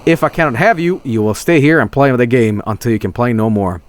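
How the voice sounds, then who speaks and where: A man voicing Death, a solemn grim male spirit, in a text adventure game, speaking in slow archaic phrases. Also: mid-range voice, natural voice.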